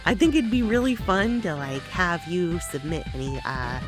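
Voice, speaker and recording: A woman's voice: lowish voice, animated, moderate pace, music in the background. A woman streamer chatting casually to her viewers in a playful, giggly, self-deprecating way, on a close mic. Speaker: VTuber streamer. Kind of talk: casual chat to camera.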